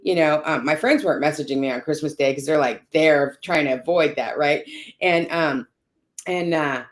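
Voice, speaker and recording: A woman's voice: low-pitched, moderate pace. A woman telling a personal caregiving story in conversation, checking in often with "you know" and "right?". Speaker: caregiver sharing her story.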